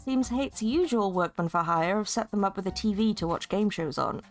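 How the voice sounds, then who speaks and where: A woman's voice: mid-range voice, expressive, moderate pace, faint music behind. A woman streaming a text game, chatting in rambling asides and reading aloud.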